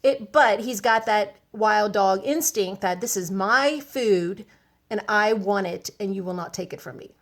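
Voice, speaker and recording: A woman vlogging to camera, telling a story in a chatty, animated, rambling way with asides. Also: mid-range voice, measured pace.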